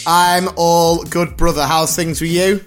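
A man in his thirties with a high voice, hosting with a playful, teasing energy and often laughing mid-sentence. Faint music sits under the talk. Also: level tone, measured pace. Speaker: podcast host. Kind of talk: casual chat.

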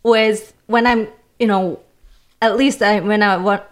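A woman's voice: medium pitch, steady tone, measured pace. Japanese-accented woman searching for words. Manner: searching for words, many fillers. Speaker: guest cellist. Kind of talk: casual podcast chat.

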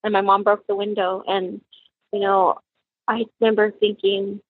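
A woman, a mother, recounting a personal tragedy in halting, emotional speech with many fillers and restarts. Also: mid-range voice, level tone, slightly rough, no room sound, phone-quality sound. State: tearful, emotional. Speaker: mother of a crime victim.

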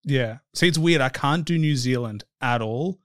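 A man's voice: mid-range voice, moderate pace, a bit bright, no echo, studio quality. An Australian man hosting a podcast, chatting casually and playfully with his guest. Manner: chatty, playful, mimics accents. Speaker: podcast host. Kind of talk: casual interview chat.

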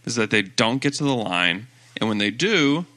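Very bright-voiced man reciting stats. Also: lowish voice, very animated. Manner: quick, stats-focused, joking. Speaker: podcast co-host. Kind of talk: casual sports chat.

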